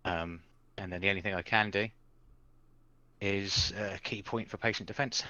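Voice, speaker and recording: A hesitant man plays a tabletop game, describing his moves with frequent ums. His fairly low voice is sharp and forward. The mic sounds dull and muffled. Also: fairly even intonation, moderate pace, no room sound. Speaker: player. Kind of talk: casual tabletop game play.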